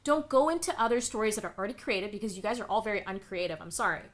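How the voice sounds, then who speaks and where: A woman's voice: mid-range voice, racing. A young woman streaming, ranting in a profane, exasperated way and answering chat messages. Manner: reads chat messages aloud and answers them. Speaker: streamer reacting to news. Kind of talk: live-stream commentary.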